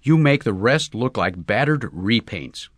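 A man voicing an excitable young male golfer, talking earnestly in breezy slang. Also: on the low side, a little slow, dry recording.

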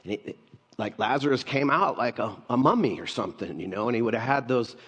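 A man's voice: mid-range voice, lively intonation, quick pace, a bit bright, slightly rough, lo-fi sound. A middle-aged man preaching a sermon in a conversational storytelling way, mixing jokes and asides into his teaching. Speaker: pastor. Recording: long hall reverb.

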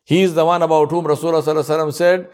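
A man preaching a sermon as a storyteller. He asks rhetorical questions, weaves in Arabic honorifics, and drops soft and low on them. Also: flat delivery, rapid-fire.

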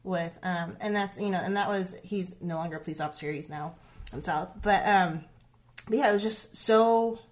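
A woman in her thirties tells a personal story in a relaxed conversation. She speaks earnestly and often restarts, leaning on "like" and "um". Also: lowish voice, normal speed. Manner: earnest, heavy use of "like" and "um", many restarts. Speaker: guest sharing a personal story.

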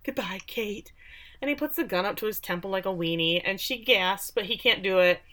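A woman from Texas co-hosting a podcast, giving a sarcastic, animated recap of a show and acting out the quotes. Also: mid-range voice, fast talker. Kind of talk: casual chat.

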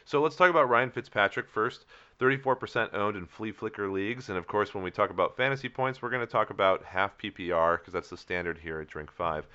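Low-pitched male podcast co-host, bright crisp tone, halting delivery, dull lo-fi recording. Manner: halting, many fillers and restarts. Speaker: co-host of a fantasy football podcast. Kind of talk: casual chat.

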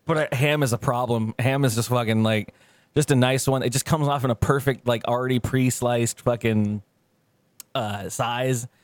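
A man's voice: mid-range voice, steady tone, moderate pace, no echo. Man, podcast co-host, casual profane chat, rambling, dry sound.

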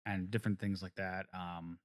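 A man with a fairly low voice talks through film details in a casual conversation. He explains patiently, pausing on fillers as he gathers his thoughts. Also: flat delivery. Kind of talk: casual chat.

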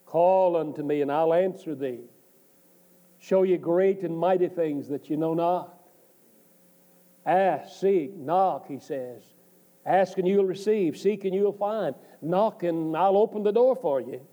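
Slow, mellow-voiced male preacher. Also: sits high, lo-fi sound. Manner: slow, deliberate preaching with pauses. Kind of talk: sermon.

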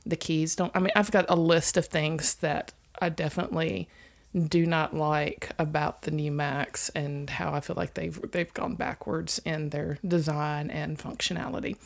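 Gravelly Southern woman, blunt chat. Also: deep voice, little pitch movement, normal speed. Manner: rambling, blunt, swears freely. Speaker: podcast co-host. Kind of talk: casual chat.

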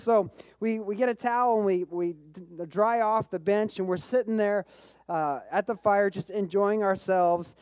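A man preaching a sermon as pastor, telling a personal story with bursts of excitement and frequent repeated words. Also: sits high, moderate pace, smooth, no room sound. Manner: repeats words when restarting phrases.

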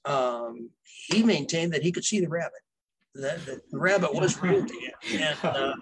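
A man's voice: fairly high pitch, normal speed, husky, rough recording. A man, a novelist guest, telling casual behind-the-scenes stories in a rambling way, with fillers and restarts. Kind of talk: casual storytelling.

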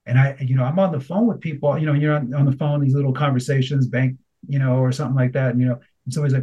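A middle-aged man co-hosting a radio talk show, chatting and telling animated stories, sometimes slipping into a grandfatherly voice. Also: mid-range voice, very fast, hardly any pauses, poor audio. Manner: animated storyteller, slips into a warm grandfatherly voice. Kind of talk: casual chat.

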